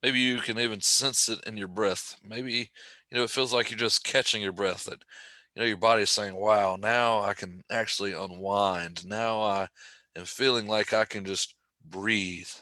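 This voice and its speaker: A man leading a guided breathing meditation, speaking slowly and gently with casual asides to the listener. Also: on the low side, no echo. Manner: slow, gentle, calm guidance with casual asides.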